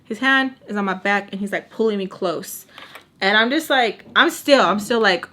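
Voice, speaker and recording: A woman's voice: medium pitch, expressive, normal speed, pushed and bright. A young woman telling a storytime, chatty and sassy, acting out what people said. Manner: chatty, sassy, acts out quotes. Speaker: storytime vlogger. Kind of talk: casual storytime.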